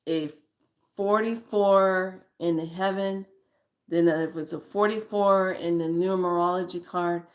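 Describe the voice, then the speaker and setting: A woman who reads tarot cards, telling stories about her readings in a chatty, blunt way with casual swearing. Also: lowish voice. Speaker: tarot card reader. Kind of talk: casual storytelling.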